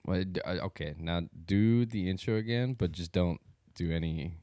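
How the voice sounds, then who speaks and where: A man's voice: low voice, normal speed, warm tone, no echo, clean studio sound. A man co-hosting a podcast in casual chat, teasing and sarcastic with his partner. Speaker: podcast co-host.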